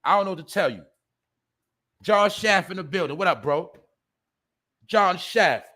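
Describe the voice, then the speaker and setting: A man hosting a casual live stream, talking loosely in street slang and shouting out viewers in the chat. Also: high voice, expressive, measured pace.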